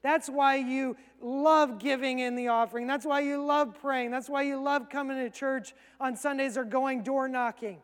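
A male pastor preaching a sermon in a conversational way, acting out quick asides. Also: very high voice, fairly even intonation, clear, resonant tone, big-room sound.

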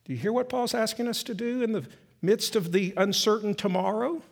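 A middle-aged man preaching a sermon, swinging from loud emphatic peaks to soft, slow passages. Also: high-pitched, gravelly. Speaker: pastor.

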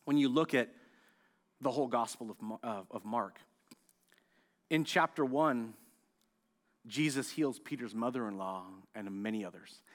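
A male pastor from the United States preaching a sermon, telling the story with animated, acted-out outbursts. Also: mid-range voice, unhurried, long pauses. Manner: animated storytelling, acts out scenes, loud excited outbursts.

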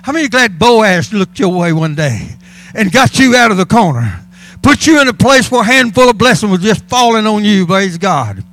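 A man's voice: high-pitched, big pitch swings, normal speed, a bit bright, soft background music. A male pastor preaching a sermon in a church, fervent and calling out to the congregation. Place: church sanctuary.

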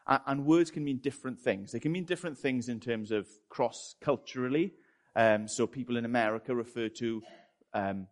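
Lively British man preaching a sermon. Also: mid-range voice. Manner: chatty, self-deprecating storyteller.

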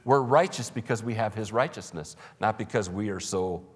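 A man's voice: on the low side, moderate pace, breathy edge, long reverb tail. A man preaching a sermon as pastor, emphatic and conversational, with humorous asides. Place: church.

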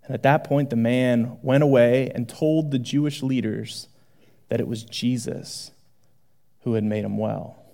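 This male pastor speaks at medium pitch, a little slowly, with a creaky quality to his voice. He preaches in an animated, conversational manner, alternating between loud exclamations and hushed asides.

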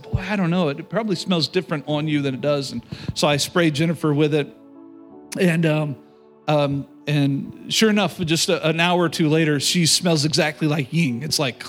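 Animated middle-aged male preacher. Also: on the high side. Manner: animated storytelling, addresses the congregation directly. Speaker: pastor. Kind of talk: sermon with personal story.

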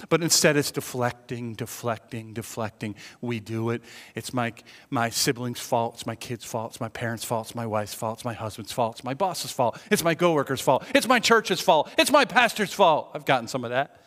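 A man preaching a sermon as pastor, moving from hushed, confessional lines to loud, emphatic points in a conversational style. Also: mid-range voice, normal speed, few pauses. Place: church sanctuary. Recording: long church-hall reverb.

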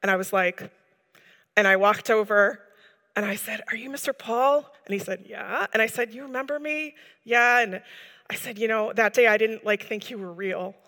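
A woman's voice: medium pitch, steady tone, moderate pace, sharp tone, in a large hall. A woman giving a personal testimony to a gathering, telling her story earnestly and rambling with many fillers. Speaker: church member giving a testimony.

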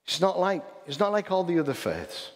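A man's voice: high voice, very animated, a little fast. Hull-accented man preaching in a reverberant hall. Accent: Hull English. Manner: conversational preaching with rhetorical questions and restarts. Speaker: pastor. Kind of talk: sermon.

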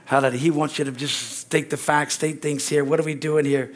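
Guy preaching sunday church sermon, slightly higher voice, goes loud then drops quiet. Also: little pitch movement, fairly quick. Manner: call-and-response preaching with frequent amens and hallelujahs; swings between loud exclamations and quiet asides. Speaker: pastor. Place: church sanctuary.

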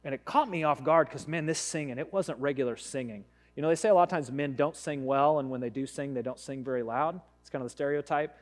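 A man's voice: medium pitch, fast, few pauses. A man in his thirties preaching a casual, storytelling sermon as a pastor. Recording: long hall reverb.

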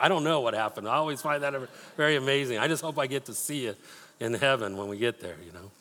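A man's voice: mid-range voice, fairly bright tone. A man preaching a sermon as pastor, reading scripture aloud and explaining it with rhetorical questions and casual asides. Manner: casual asides and playful impressions. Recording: long hall reverb.

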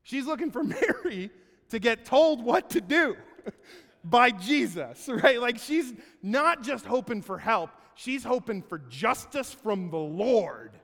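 A man's voice: very high voice, big pitch swings, slow, fairly bright tone. A male pastor giving a sermon in a conversational, humorous way, often checking in with his listeners through tag questions. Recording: long hall reverb.

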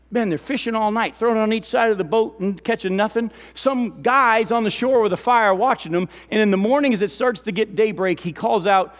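A man with a high voice preaching an animated sermon in a church, throwing questions at his listeners. His voice rings with the long reverb of a large hall. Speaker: pastor.

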